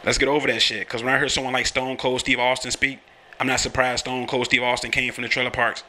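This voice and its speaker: Animated young man. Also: medium pitch, fast talker. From Virginia, USA. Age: young adult. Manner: animated, rambling, swears a lot, laughs often. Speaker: podcast host and rapper. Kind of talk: casual profane monologue.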